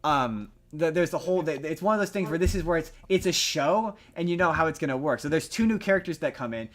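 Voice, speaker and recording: A man with a slightly high voice talks on a casual podcast. He tells his story in a rambling, lively way and keeps stopping to restart his sentences. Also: quick pace. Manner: rambling, animated retelling with many restarts. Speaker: podcast co-host.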